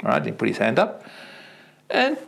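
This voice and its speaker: A middle-aged Australian man speaking as a guest on an interview show. He tells stories with a very lively, swooping melody and a gravelly rasp, and he often repeats a word as he finds his way into a sentence. His pitch sits in the middle of the usual range for a man. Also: a little slow. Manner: acts out quoted voices with big pitch swings, repeats words. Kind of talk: animated storytelling in an interview.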